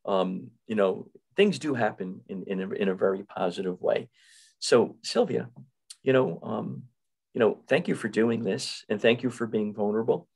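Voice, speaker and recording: A man's voice: fairly low pitch, moderate pace, gravelly, darkish tone, breathy edge, low-quality recording. A man with a North Jersey accent hosting a podcast, chatting eagerly and often repeating himself as he restarts. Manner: enthusiastic, repeats words and restarts. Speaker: podcast host. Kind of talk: casual interview chat.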